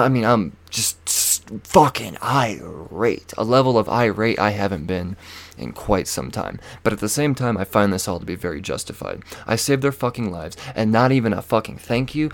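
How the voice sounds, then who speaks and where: Comic storyteller, young man, lowish voice, wildly expressive, heavy cursing. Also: normal speed. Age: young adult. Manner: profane, animated, swearing. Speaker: podcast host. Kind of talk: comedic storytelling rant.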